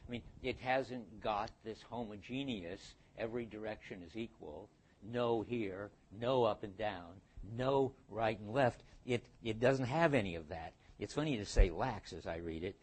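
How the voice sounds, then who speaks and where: Older man lecturing, halting and musing. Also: fairly low pitch, a little mellow, husky. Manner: halting, restarts and thinks aloud. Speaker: philosophy lecturer. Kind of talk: university lecture.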